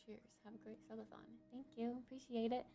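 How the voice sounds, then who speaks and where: A woman's voice: on the high side, flat delivery, fast talker, dark tone. A young adult woman livestreamer in casual live-stream chat, talking straight to her viewers and cheering them on.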